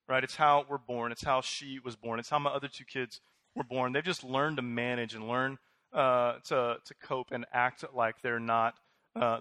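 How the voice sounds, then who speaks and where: A man in his thirties preaching a conversational sermon as pastor, animated, with many fillers and restarts. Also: mid-range voice, no echo.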